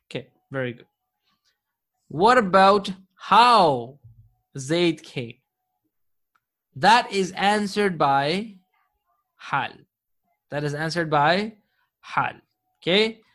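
A man's voice: fairly high pitch, a bit bright. A man teaching an Arabic grammar class live online, patient and encouraging, often chuckling.

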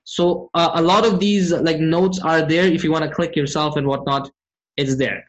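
A man teaching an online Arabic grammar class, often asking his students questions and reciting verses quickly. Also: fairly high pitch, steady tone, low-quality recording. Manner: engages students with frequent questions.

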